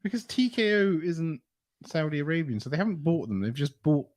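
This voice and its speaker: Joking West Country man, slightly high voice. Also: big pitch swings, a little fast, darkish tone. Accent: English West Country. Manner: joking, laughs often, teasing. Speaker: podcast co-host. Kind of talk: casual chat.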